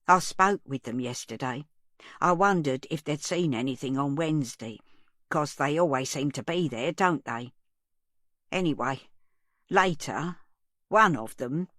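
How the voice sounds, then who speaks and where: A woman's voice: low-pitched, unhurried, fairly bright tone, dry recording, studio quality. A woman voicing a guileless, kindly older woman who chats homely and mild. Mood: anxious.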